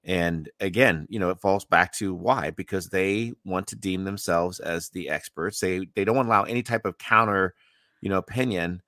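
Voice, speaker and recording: A man co-hosting a podcast, talking in halting bursts with repeated words and fillers. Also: deep voice, a bit bright, dry recording, studio quality. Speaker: podcast co-host. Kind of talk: casual podcast chat.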